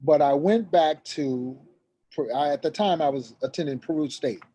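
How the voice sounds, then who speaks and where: A middle-aged man telling a personal story in a lively conversational way, acting out the dialogue and raising his voice sharply in the heated parts. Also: on the high side, normal speed, a little hiss or hum. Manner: acts out quoted dialogue, voice rising sharply when agitated. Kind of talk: animated storytelling.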